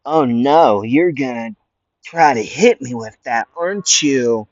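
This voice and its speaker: A man's voice: medium pitch, expressive, slow pace, dry recording, pitched above the performer's own voice. A man voicing a scheming masked male villain in a loose cowboy-style drawl, taunting his opponent, on a dull lo-fi home mic. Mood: mocking. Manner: drawling put-on cowboy-ish twang.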